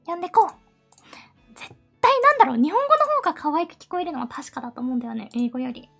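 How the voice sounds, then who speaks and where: A woman's voice: sits high, lively intonation, racing, gravelly, fairly bright tone, soft background music. A woman from Japan, a native Japanese speaker with a Japanese accent, chatting casually on a live stream and reading out viewer messages in a giggly, cutesy way.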